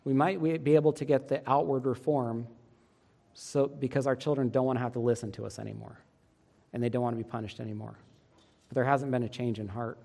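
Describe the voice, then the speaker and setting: A man's voice: medium pitch, fairly even intonation, a little fast, creaky, dark tone. A man preaching a sermon as a pastor, earnest and emphatic. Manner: earnest, emphatic preaching with quoted parent voices.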